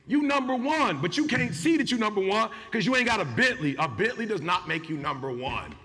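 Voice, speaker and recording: A man's voice: high-pitched, big pitch swings, brisk, sharp tone, faint music behind. A man giving an emphatic, slangy motivational speech to a live audience, calling for responses. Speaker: motivational speaker. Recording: live hall with long reverb.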